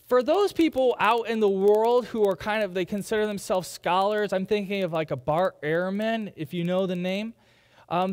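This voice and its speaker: A man's voice: high-pitched, long reverb tail. A man preaching a sermon as pastor, in a conversational way, sometimes mimicking doubters. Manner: conversational, quoting skeptics in mock voices. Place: church sanctuary.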